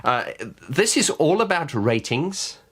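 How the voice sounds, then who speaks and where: A man's voice: fairly high pitch, sing-song, takes it slowly, a bit bright, breathy edge. A man vlogging to camera, giving frank opinions in a blunt way and often restarting his words. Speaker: vlogger and vocal coach. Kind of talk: casual opinion rant to camera.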